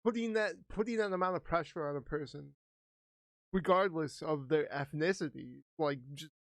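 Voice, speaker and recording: A young man talks on a casual podcast in an earnest, slightly nervous way. His voice sits a little higher than most men's and is recorded close and dry. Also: normal speed, a bit bright, no room sound. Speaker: podcast co-host.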